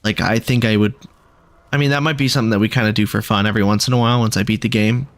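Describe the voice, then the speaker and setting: A man's voice: lowish voice, steady tone, racing. A man casually commenting on his own gameplay as he plays, thinking aloud and reacting with sudden exclamations. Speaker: gaming video creator.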